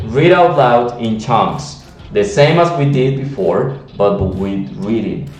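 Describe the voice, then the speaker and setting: A man's voice: mid-range voice, a little mellow, reverberant, recorded from a distance. A man with a Latin American Spanish accent, giving an earnest teaching talk on language learning with frequent restarts. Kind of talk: teaching monologue to camera.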